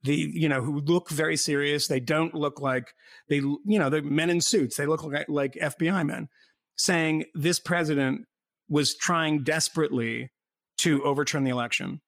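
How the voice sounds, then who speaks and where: A man chats casually about politics in a rambling, sardonic way, chuckling at his own jokes. His voice is gravelly and sits a little high. The sound is dry and close. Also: fairly even intonation, moderate pace, fairly bright tone, dry recording. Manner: rambling, sardonic, laughs often.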